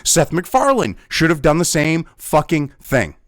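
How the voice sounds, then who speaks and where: A man's voice: on the high side, sing-song, measured pace, no room sound, clean studio sound. A man ranting angrily in a profane commentary video, talking as host.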